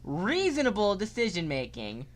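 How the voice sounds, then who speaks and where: A young man streaming a game live, casual and excitable, cursing often and swinging from mock calm to yelling. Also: high voice, moderate pace.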